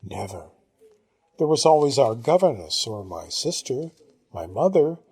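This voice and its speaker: A man voicing a husky, gushing older Englishwoman. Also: medium pitch, sing-song, darkish tone. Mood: reminiscing. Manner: brisk, upper-class gushing exclamations. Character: genteel older Englishwoman, chatty and fond of the past. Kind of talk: audiobook reading.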